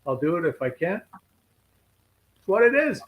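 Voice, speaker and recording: A man's voice: sits high, sing-song, normal speed, rough recording. An older man from Canada, a fishing guest telling rambling, joking stories in casual chat.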